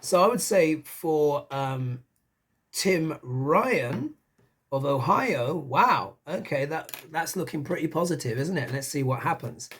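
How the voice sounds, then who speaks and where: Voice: medium pitch, animated, slow pace, a bit bright, slight background noise. A tarot reader giving a casual, musing reading, talking it through aloud and often tossing in rhetorical questions.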